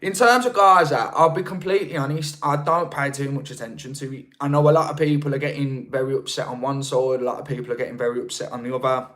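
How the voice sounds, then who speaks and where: This English livestream host, who has a Birmingham accent, talks quickly with hardly any pauses while casually replying to viewers. His mid-range voice is fairly bright with fairly even intonation, and he chats in a rambling way with frequent restarts.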